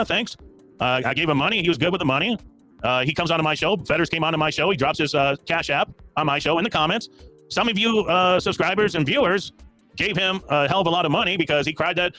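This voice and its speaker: A man's voice: fairly high pitch, pushed and bright. A man hosting a livestream, defending himself over and over in a heated call-in argument. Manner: defensive, repetitive, insistent. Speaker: livestream host.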